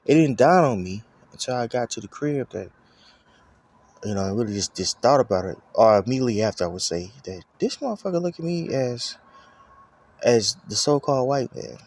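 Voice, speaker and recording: A man's voice: medium pitch, lively intonation, brisk, darkish tone. A man giving a casual personal testimony, rambling and profane, with lots of filler phrases. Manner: rambling, profane, full of "you know what I'm saying".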